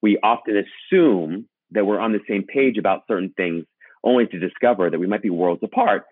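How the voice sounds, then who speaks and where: Male host, reflective and affirming, husky and low, tinny phone sound. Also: a little fast, dry recording. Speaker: podcast host. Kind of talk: casual interview chat. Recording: tinny phone line, dry.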